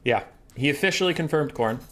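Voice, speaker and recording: A man chatting casually on a livestream as a game streamer and caster, relaxed and reacting to his chat. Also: a little high, a little fast.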